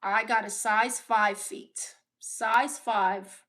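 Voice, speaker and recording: A woman's voice: mid-range voice, steady tone, extremely slow, a bit bright. A woman from Brooklyn with a Brooklyn accent, hosting a casual livestream and answering viewer comments in a blunt, sassy, unapologetic way. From Brooklyn, New York. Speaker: livestream host.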